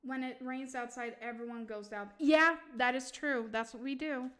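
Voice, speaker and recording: Young woman, high voice, casual tarot stream chat, laughs a lot. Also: moderate pace, clean tone. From Sweden. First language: Swedish. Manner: giggly, animated, talks back to chat. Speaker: streamer giving tarot readings.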